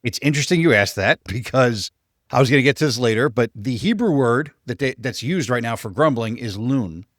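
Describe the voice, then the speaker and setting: Man, co-host, scripture explanation, steady, dry room sound. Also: medium pitch, fairly quick, no echo. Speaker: podcast co-host. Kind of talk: explaining scripture in casual discussion.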